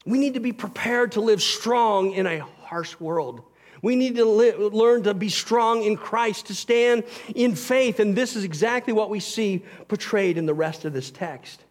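This man's sermon swings from loud to quiet and back, earnest and forceful throughout as he preaches in his role as pastor. He has a high voice and keeps a measured pace.

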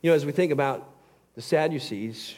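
A man preaching a sermon as pastor, earnest and emphatic, swinging between loud passages and quiet ones. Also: on the high side, brisk.

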